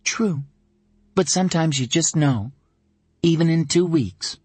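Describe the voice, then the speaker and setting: A man's voice: on the high side, a little slow, no room sound, pitched above the performer's own voice. A man voicing a firm, loving young mother. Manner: gentle and earnest, turning firm. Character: woman in her early thirties, a loving but firm mother.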